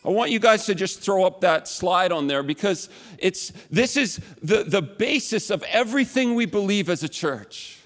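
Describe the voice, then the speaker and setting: A pastor preaching a conversational sermon, chatty and prone to self-mocking asides. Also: male voice, high-pitched, animated, moderate pace, fairly bright tone, long reverb tail.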